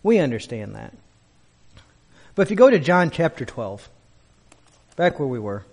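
A man's voice: medium pitch, big pitch swings, measured pace, gravelly, darkish tone. A man, a pastor in his thirties or forties, preaching a sermon that runs through a long personal story, acting out the people he quotes and often repeating or restarting words.

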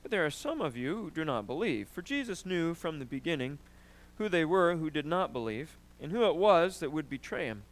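A man preaching a sermon, emphatic and animated, often asking "right?" and clearing his throat. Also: on the high side, fairly quick, few pauses. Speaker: pastor.

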